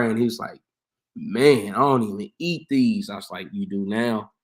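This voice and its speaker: A young man, a barber and home cook, talking casually as an interview guest, laid-back and laughing often, getting animated when he quotes people. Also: on the low side, normal speed. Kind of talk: casual conversational storytelling.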